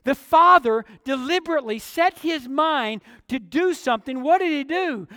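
A man preaching a sermon as pastor, emphatic and deliberate, dropping to quieter asides. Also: very high-pitched, animated, no room sound, clean studio sound, big-room sound.

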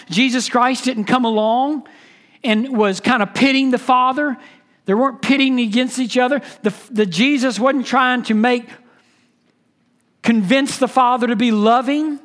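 A man preaching a sermon. He reads scripture aloud, often repeats words and restarts his sentences, and drops to a hush for emphasis. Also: very high-pitched. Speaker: pastor.

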